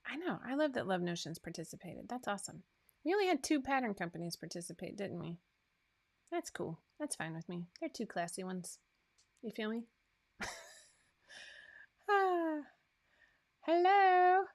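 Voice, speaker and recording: A woman's voice: mid-range voice, sing-song, a little fast, gravelly. A woman hosting a sewing pattern livestream in a casual, chatty way, reading out winners with asides. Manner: chatty, asides and fillers between list items.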